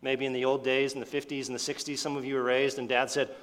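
A man preaching a sermon as pastor, earnest and emphatic, leaning into key words and pausing between phrases. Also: mid-range voice, level tone, fairly bright tone. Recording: long hall reverb.

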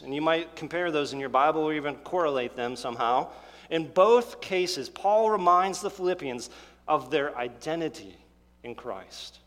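A male pastor preaching with earnest emphasis, his voice sitting a little high for a man. He presses on key words and pauses between phrases. The sound hangs in a long hall reverb. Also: expressive, a bit bright. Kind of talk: sermon.

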